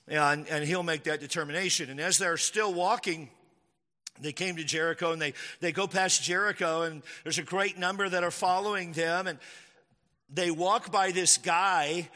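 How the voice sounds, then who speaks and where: A man preaching a sermon as a pastor, animated, acting out the people he speaks of in a raised voice. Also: a little high. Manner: animated, acts out the disciples' lines in a raised voice. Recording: echoey hall with long reverb.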